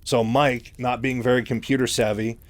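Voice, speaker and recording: A man's voice: medium pitch, level tone, moderate pace. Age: adult. Sex: man. Style: casual, chatty storytelling. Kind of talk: casual retelling of a novel.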